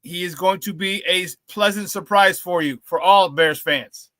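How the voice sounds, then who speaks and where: A man with a high, bright, sharp voice hosts a live sports talk stream, bursting with hype and shouting catchphrases. He banters with viewers in the chat. The mic is close and dry, with no room sound. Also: measured pace, dry recording. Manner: shouts catchphrases, loud and excitable. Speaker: sports talk show host.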